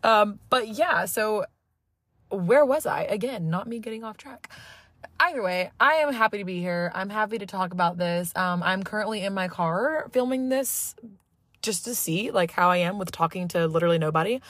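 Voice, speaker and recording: Speaking at a moderate pace, a Southeast Texas woman with a medium-pitched, fairly bright voice and lively intonation hosts a casual solo podcast from inside her car, phone held to her mouth. The audio is studio quality with no room sound, and she rambles, swears freely, and makes fun of herself.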